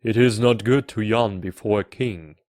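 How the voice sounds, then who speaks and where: A man voicing a proud, commanding king of a tiny planet in a storybook reading, speaking louder and giving orders. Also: moderate pace, no echo, clean studio sound, close to an everyday voice. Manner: booming, issues orders.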